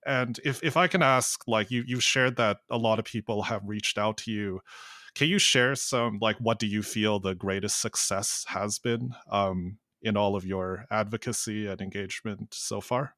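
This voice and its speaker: A man hosting a podcast, thanking his guest and asking measured, supportive questions. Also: lowish voice, pushed and bright, dry recording, studio quality. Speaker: podcast host. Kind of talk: interview questions.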